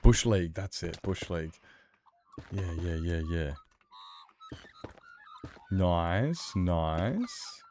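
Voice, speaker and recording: A man's voice: low voice, animated, very slow, long pauses, background noise. A man streaming a survival game, chatting with viewers in a worked-up, playful rant. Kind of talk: casual live-stream chat.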